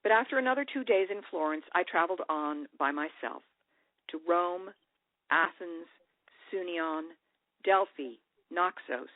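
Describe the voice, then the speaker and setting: A woman author reading her own personal essay aloud in a measured, reflective way. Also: on the low side, no echo. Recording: dry, tinny radio broadcast audio.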